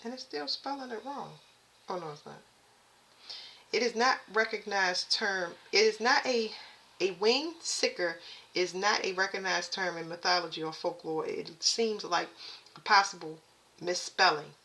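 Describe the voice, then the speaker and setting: Gravelly, bright-toned woman chatting. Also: medium pitch. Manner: chatty, talks to viewers as "y'all", reads text aloud haltingly. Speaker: spiritual reader addressing viewers. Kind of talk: casual reading and thinking aloud.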